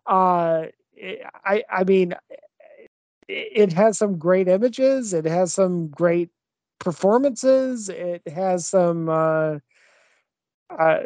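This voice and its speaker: A woman's voice: fairly low pitch, takes it slowly, long pauses, darkish tone, no room sound. A woman co-hosting a movie podcast, giving a frank review with many fillers and hesitations. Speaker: podcast co-host.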